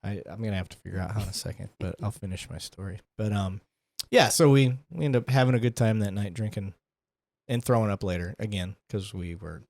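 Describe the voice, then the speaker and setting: A man from Michigan with a fairly low voice hosts a podcast, relaxed and joking, laughing as he talks. The sound is dry and close. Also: fairly quick, creaky, no room sound. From Flint, Michigan. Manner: joking, chatty, laughs often. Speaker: podcast host, former military. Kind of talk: casual conversation.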